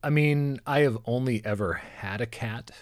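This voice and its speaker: Wry, halting co-host. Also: male voice, medium pitch, no room sound, clean studio sound. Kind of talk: casual chat.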